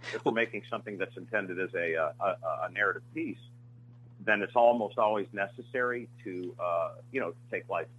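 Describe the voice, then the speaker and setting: A man, a screenwriter being interviewed, telling stories in a halting way with many fillers and restarts, on muffled lo-fi audio. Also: low-pitched, a bit bright, husky. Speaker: screenwriter guest. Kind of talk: interview storytelling.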